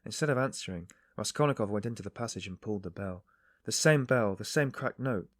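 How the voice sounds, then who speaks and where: A man reading a novel aloud as an audiobook narrator in a measured, even way. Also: fairly low pitch, no echo, clean studio sound. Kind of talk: scripted narration.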